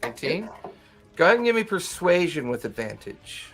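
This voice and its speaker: Relaxed male game master. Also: on the high side, brisk, soft background music. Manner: relaxed, conversational narration. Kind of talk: narrating a tabletop game.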